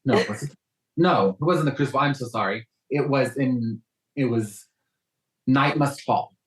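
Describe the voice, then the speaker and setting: A man's voice: mid-range voice, normal speed, a bit bright, low-quality recording. Male guest from South Texas, faint Southern accent, casual storyteller who restarts often. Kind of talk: casual interview chat.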